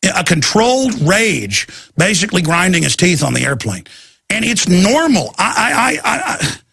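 Fired-up gravelly talk radio host. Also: male voice, sits high, very animated, normal speed, sharp tone, no room sound. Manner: fired-up, emphatic storytelling with quoted voices. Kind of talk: ranting talk radio monologue.

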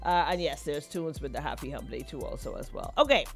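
A woman's voice: deep voice, expressive, a little fast, soft background music. A woman co-hosting a casual live morning show, chatty and gushing, often laughing. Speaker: co-host.

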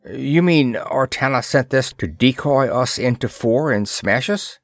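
A man's voice: medium pitch, expressive, measured pace, no echo, clean studio sound, voice pushed up. Man playing a placid, cautious navigator. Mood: earnest. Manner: cautious, earnest. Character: placid bespectacled male chief navigator.

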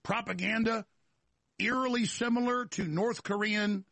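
A man's voice: high voice, steady tone, unhurried, bright, forceful tone, no echo. A man hosting a talk show, delivering a rambling, emphatic political monologue full of restarts and repeated words.

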